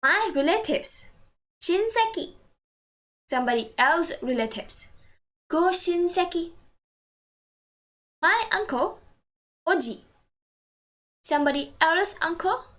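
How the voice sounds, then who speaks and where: A woman teaching a language lesson, patiently saying each word twice and slowly for practice. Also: extremely high pitch, sharp tone.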